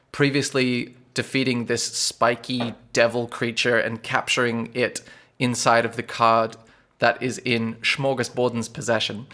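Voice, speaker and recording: Recapping scenes as game master, this man has a bright, forceful voice at a middle pitch. His talk is loose and easygoing, full of filler words.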